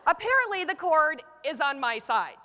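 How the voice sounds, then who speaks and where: A middle-aged woman giving a keynote on a conference stage, telling a story and acting out her own panicked self-talk, swinging from loud exclamations to hushed asides. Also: high voice, very animated, moderate pace. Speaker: keynote speaker.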